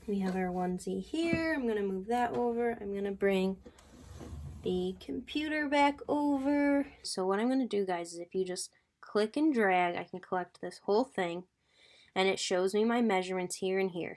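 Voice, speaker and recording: A woman in her twenties hosting a casual crafting tutorial, chatty and thinking aloud as she works. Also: medium pitch. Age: 20s. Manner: chatty, gushing, talks to viewers as "guys".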